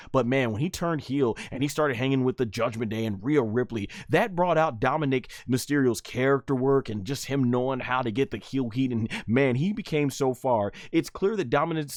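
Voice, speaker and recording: A man giving a casual wrestling match review, recounting the action in an excitable, animated way. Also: mid-range voice, no room sound, clean studio sound. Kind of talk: casual recap commentary.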